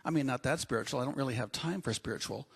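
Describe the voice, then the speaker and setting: A man's voice: medium pitch, rapid-fire, creaky, breathy edge. A man preaching a sermon as pastor, telling humorous stories with acted asides.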